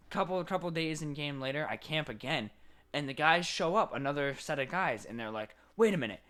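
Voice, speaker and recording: A young man co-hosting a casual podcast, telling game stories with lively acted-out voices. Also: on the high side. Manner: animated storyteller, acts out game characters. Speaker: podcast co-host. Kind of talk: casual chat.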